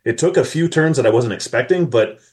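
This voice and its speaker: A man's voice: mid-range voice, animated, brisk, a little mellow. A man from Minnesota co-hosting a podcast, chatting casually and rambling with many restarts. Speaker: podcast co-host. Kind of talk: casual chat.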